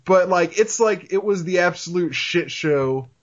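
Male podcast host, casual rambling chat, slightly high voice, dull lo-fi recording. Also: a little slow. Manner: rambling, lots of "like" fillers, laughs often. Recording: dull lo-fi audio.

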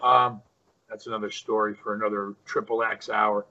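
A middle-aged man telling rough, animated wrestling stories in a casual, profane way. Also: lowish voice, moderate pace, lo-fi sound. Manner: animated, swears freely, acts out quotes. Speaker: wrestling guest. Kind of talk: casual storytelling.

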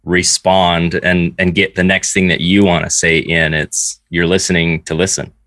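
A man's voice: sits low, flat delivery, normal speed, fairly bright tone, dry recording. A man co-hosting a podcast in casual chat, hesitant and often repeating words as he starts a thought. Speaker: podcast co-host.

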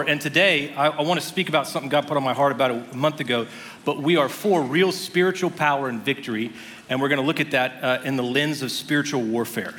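Male pastor, bright forceful delivery, slightly high voice, chatty sermon with jokes, long church-hall reverb. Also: slight background noise. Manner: conversational storytelling with humorous asides. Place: church sanctuary.

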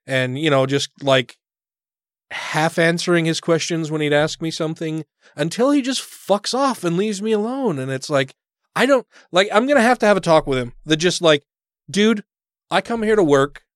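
A man's voice: on the high side, expressive, moderate pace, dry recording, studio quality. A man co-hosting a podcast in blunt, sarcastic casual chat, swearing often and laughing, with the hiccups. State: has the hiccups. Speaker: podcast co-host. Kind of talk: casual profane banter.

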